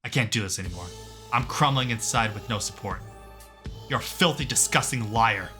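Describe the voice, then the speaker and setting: A distraught young man in a psychiatric ward speaks in a bright, bitter voice, as a man reads him out. He accuses flatly and angrily, as if betrayed. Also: mid-range voice, normal speed, faint music behind, lightly acted. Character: distraught young male psychiatric patient, furious.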